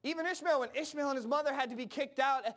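A man's voice: very high voice, fast, a bit bright. A man preaching a sermon in a conversational way, acting out Bible characters in casual voices and often repeating himself. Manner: repeats words and phrases, frequent fillers.

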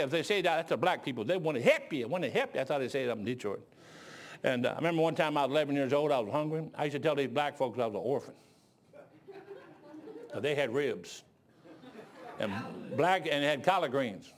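A man preaching a sermon as pastor, telling folksy stories and swinging between low asides and loud exclaiming. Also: animated, a little fast.

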